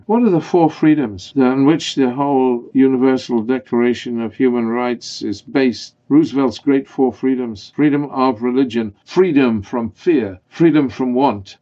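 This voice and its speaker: A man's voice: medium pitch, vocal fry, darkish tone. An older man, hosting a podcast and giving an opinionated, rambling monologue. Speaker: podcast host. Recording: dull lo-fi recording.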